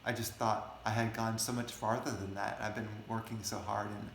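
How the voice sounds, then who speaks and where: Man voicing gloomy yogi, quiet and downcast, deep voice. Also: level tone, moderate pace, creaky, roomy sound, a little hiss or hum, poor audio. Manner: gloomy, subdued and sad. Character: despondent male yogi, experienced meditator.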